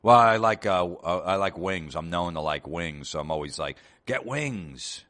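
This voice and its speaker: A man's voice: deep voice, expressive, measured pace, fairly bright tone. A man voicing a dim, eager man who stumbles earnestly over his words and is proud of his catchphrase.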